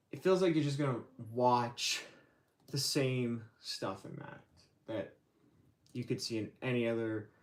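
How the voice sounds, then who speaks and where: A man talks on his own livestream in a loose, rambling way, often stopping to search for words with fillers. He speaks slowly and takes his time. His voice sits at an ordinary middle pitch. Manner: rambling, hesitant, many fillers. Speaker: channel host. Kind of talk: casual livestream chat.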